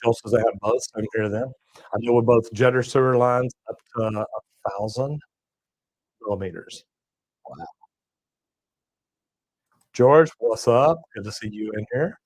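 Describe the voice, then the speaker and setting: A man's voice: mid-range voice, a little slow, pauses often, a little mellow, dry recording, low-quality recording. A middle-aged man, hosting a casual livestream and reading chat messages in a folksy, drawling way. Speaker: plumbing channel host reading live chat.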